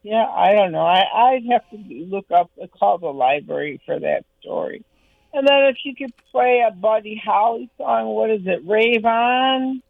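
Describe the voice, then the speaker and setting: A woman calling in to a radio show, talking in a halting, rambling way. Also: medium pitch, animated, vocal fry, no echo. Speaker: caller. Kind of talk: casual call-in chat. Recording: tinny phone line.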